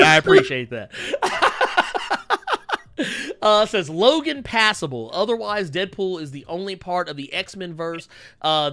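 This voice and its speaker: A man's voice: sits high, bright, forceful tone. A man in his thirties hosting a podcast, talking animatedly, laughing and swearing freely. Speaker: podcast host. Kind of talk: casual chat.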